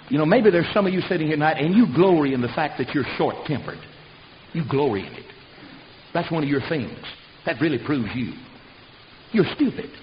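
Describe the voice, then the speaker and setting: Older male preacher, folksy fire-and-brimstone delivery, muffled hissing recording. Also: a little high. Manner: folksy, fiery, preaching with sudden loud shouts. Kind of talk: sermon. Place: church service. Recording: dull lo-fi recording with hiss.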